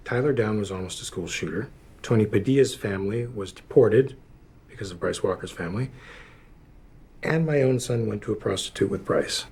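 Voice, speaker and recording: Brief: a worn-out middle-aged dad, very husky, low voice, tired disbelief. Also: male voice, normal speed, a little mellow. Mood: shaken.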